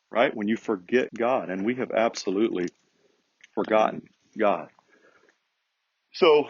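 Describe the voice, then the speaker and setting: A man's voice: on the low side, slightly rough, no echo. A man hosting a podcast, speaking in an earnest, preachy, emphatic monologue. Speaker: podcast host. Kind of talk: casual monologue. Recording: dull, lo-fi.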